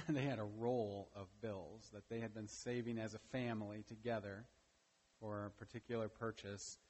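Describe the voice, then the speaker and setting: A medium-pitched male pastor preaches emphatically during a morning service in a reverberant church. He frequently tags his points with "right?"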